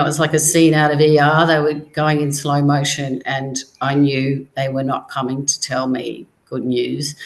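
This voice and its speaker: A middle-aged woman, a guest on an interview show, telling her personal story in a measured, reflective way with pauses. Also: deep voice, low-quality recording. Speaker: guest, cancer survivor and author.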